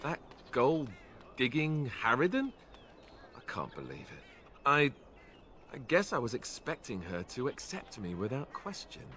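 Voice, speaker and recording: An actor playing an earnest young warrior in a video game, hesitant and stammering. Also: male voice, medium pitch, pushed and bright, a little hiss or hum. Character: earnest young prince-warrior, awkward and hurt.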